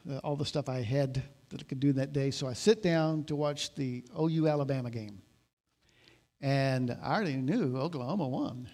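High-voiced man preaching a sermon. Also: darkish tone. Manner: conversational preaching, rising to emphatic exhortation. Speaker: pastor.

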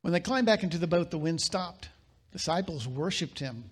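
A man preaching a sermon reads scripture aloud, pausing dramatically and then erupting into sudden emphasis. His pitch runs fairly high, with a breathy edge.

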